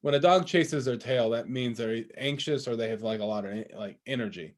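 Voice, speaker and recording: A man's voice: medium pitch, moderate pace. A man co-hosting a podcast in casual chat, rambling with lots of fillers and laughing as he tells a story. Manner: rambling, full of "like", laughs while telling. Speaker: podcast co-host.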